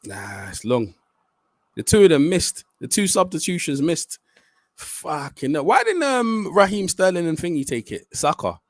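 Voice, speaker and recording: Young lad, live football reaction, raised voice that swings all over, sweary, dry close mic. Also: male voice, fairly high pitch, very animated, measured pace, no room sound. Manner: swearing, tense, swings between muttering and shouting. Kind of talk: live watch-along reaction.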